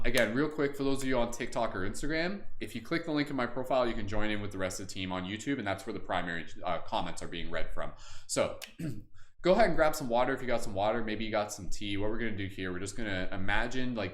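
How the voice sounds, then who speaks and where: Laid-back man guiding a meditation. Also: lowish voice. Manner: relaxed, laughs often, slow soothing guidance. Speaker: meditation host. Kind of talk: live-streamed guided meditation and chat. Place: indoor room, live stream. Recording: echoey room with faint ambient noise.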